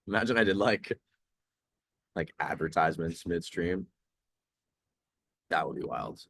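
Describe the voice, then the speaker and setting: Laid-back deep-voiced man streaming trades. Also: very animated, a little slow, pauses often, fairly bright tone, no echo, clean studio sound. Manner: laid-back, chatty, reads chat aloud. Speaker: trading livestream host. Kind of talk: casual live-stream commentary.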